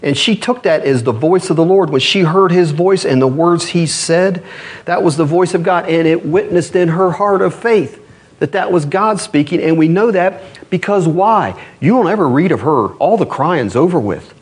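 A man's voice: fairly high pitch, moderate pace, breathy edge. A man preaching a sermon, reading scripture passages aloud and asking the congregation rhetorical questions.

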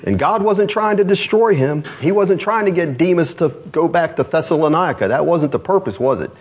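A man, the pastor, preaching a sermon in an animated, conversational way, often asking the congregation rhetorical questions. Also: a little high, moderate pace.

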